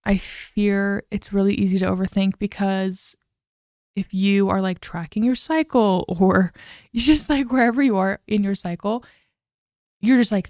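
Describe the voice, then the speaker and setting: Young woman rambling on her podcast, lots of vocal fry, says like a lot. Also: medium pitch, darkish tone, dry recording, studio quality. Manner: chatty, lots of "like" and "literally". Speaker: podcast host. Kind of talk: casual solo podcast chat.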